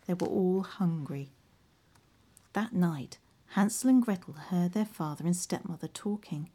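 A woman narrating a children's storybook in an expressive, lively way. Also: on the low side, unhurried.

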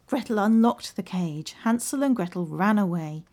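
A woman narrating a children's storybook in an expressive, lively way. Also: mid-range voice, moderate pace, hardly any pauses.

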